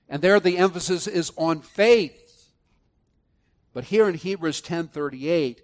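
Preaching man, quiet to emphatic. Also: measured pace. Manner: swings from quiet, low reflection to loud emphatic preaching. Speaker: pastor. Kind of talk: sermon.

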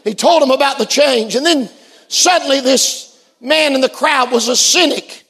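A man preaching a sermon, who shouts and then drops very low to tell a story. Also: measured pace, pauses often. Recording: echoey hall.

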